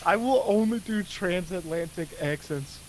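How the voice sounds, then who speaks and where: A man's voice: high-pitched, expressive, moderate pace, a little mellow, slight background noise, rough recording. A man chatting and joking as a guest while playing a game on a stream. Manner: joking, calls people bro. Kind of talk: casual chat while gaming.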